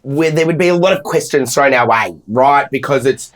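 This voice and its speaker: A man co-hosting a casual podcast, telling stories in a blunt, sweary, animated way. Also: mid-range voice, moderate pace. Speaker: podcast co-host.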